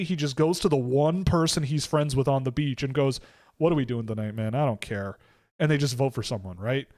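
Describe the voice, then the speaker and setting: A Canadian man hosts a casual livestream and rants about whatever comes up, with strong opinions. His voice sits a little higher than most men's. He rambles, starts sentences over, and slips into mocking impressions of other people. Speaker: host of a hockey prospect livestream.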